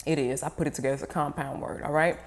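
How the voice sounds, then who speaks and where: Playful woman vlogger, low-ish voice, casual and chatty. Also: steady tone, rapid-fire. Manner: chatty, playful, self-teasing. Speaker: wine vlogger. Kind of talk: casual unboxing and tasting chat.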